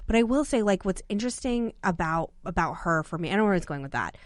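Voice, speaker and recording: A woman in her thirties hosting a podcast, chatting in an animated, excitable way. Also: medium pitch, no room sound, clean studio sound. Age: 30s. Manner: animated, excitable, quick reactions. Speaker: podcast host. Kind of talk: casual interview chat.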